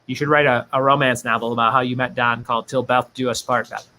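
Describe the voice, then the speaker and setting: A man's voice: mid-range voice, little pitch movement, fast, sharp tone, a little hiss or hum. A man hosting a casual livestream trivia game, joking, laughing often and reading viewer chat aloud.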